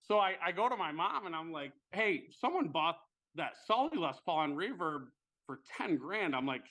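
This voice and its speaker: Bright, animated storytelling man. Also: on the high side, moderate pace. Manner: animated storyteller, swears freely. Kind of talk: casual chat, storytelling.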